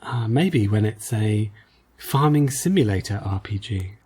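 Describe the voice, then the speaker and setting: A man's voice: fairly low pitch, animated, measured pace, dark tone, slight background noise. A man co-hosting a podcast, chatting casually about retro games in a rambling, hesitant way with lots of fillers. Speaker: podcast co-host.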